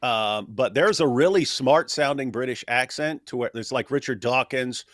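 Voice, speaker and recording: A man's voice: mid-range voice, normal speed, fairly bright tone, dry recording, clean studio sound. A man co-hosting a casual livestream discussion, rambling and joking with frequent restarts. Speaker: co-host of livestream.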